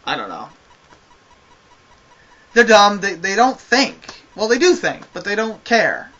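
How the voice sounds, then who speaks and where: A man's voice: sits high, huge pitch swings, normal speed, a bit bright, dull audio. A man giving a casual spoken review of a wrestling show, ranting with exasperation and a lot of swearing.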